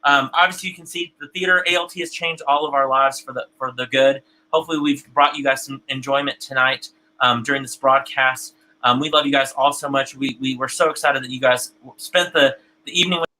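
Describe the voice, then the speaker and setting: Bright-voiced emotional stream host. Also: male voice, mid-range voice, fairly even intonation, brisk, low-quality recording. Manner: chatty, repeats words often, gets emotional. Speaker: host of an online theater broadcast. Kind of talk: live-stream host reading viewer comments.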